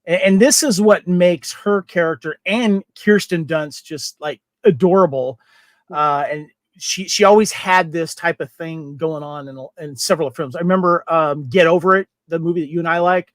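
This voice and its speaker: A chatty man hosts a relaxed movie podcast, his voice sitting high for a man. He reads trivia aloud and laughs easily, and the sound is dry and close with no room around it. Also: normal speed, dry recording. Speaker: podcast host. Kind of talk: casual movie podcast chat.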